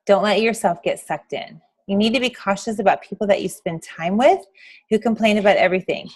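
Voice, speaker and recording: A woman's voice: mid-range voice, a little fast, slightly rough. A middle-aged woman, leading a class in a chatty way, talking to her listeners as guys and acting out everyday reactions. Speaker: class instructor. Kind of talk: lively class talk on health and faith.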